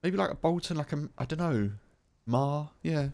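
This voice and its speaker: A man's voice: fairly high pitch, normal speed, creaky, darkish tone. A man in his forties from England, chatting and musing with hesitant restarts as he comments on a game playthrough. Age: 40s. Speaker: gaming YouTuber.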